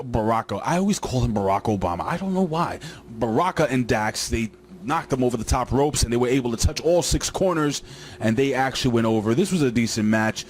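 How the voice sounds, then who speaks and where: A man's voice: medium pitch, slight background noise. A man recapping a wrestling show in a casual, rambling way, joking and talking straight to his viewers.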